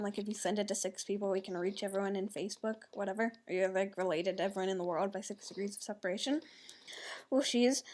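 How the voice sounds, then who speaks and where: Giggly teen girl. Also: medium pitch. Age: teenager. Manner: chatty, giggly, full of "like". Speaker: vlogger. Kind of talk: rambling casual chat.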